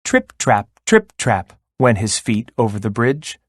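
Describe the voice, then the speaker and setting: A man reading a children's story aloud in a slow, expressive way. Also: medium pitch, no echo, clean studio sound. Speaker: narrator.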